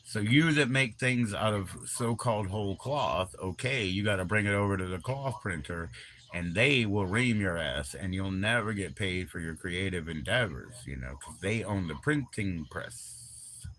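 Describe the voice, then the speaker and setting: A man's voice: sits low, expressive, normal speed, a bit bright. A middle-aged man hosting a casual livestream, rambling in slang, jumping between topics and greeting viewers in chat. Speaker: livestream host.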